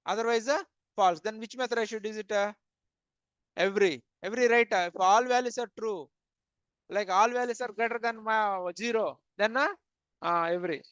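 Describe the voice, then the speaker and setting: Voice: mid-range voice, moderate pace, pauses often, a bit bright, clear, resonant tone, no echo. A programming instructor teaching a live coding class, asking the students questions, answering them, and saying "okay" often. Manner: plain repetitive wording, many "uh" fillers. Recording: dull, dry lo-fi recording.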